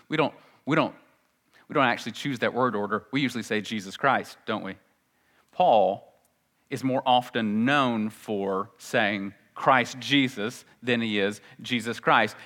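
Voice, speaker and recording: A man preaching a sermon as pastor, emphatic, slowing down to stress key words and asking rhetorical questions. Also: mid-range voice, fairly bright tone. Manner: pauses and slows down to stress words.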